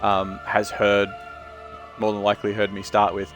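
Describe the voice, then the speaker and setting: A man's voice: on the low side, completely flat delivery, normal speed, a bit bright, soft background music. A man chatting casually on his game stream, sweary and talkative. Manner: chatty, sweary, talks about accents.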